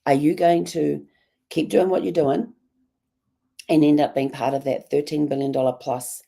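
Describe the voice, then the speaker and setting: Woman, New Zealand accent, hoarse with a cough, heavy vocal fry, husky, rambling reflective vlog talk. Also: low voice, steady tone, moderate pace, dark tone. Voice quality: raspy. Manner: rambling, many ums and restarts. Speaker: journalling vlogger. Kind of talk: casual reflective monologue.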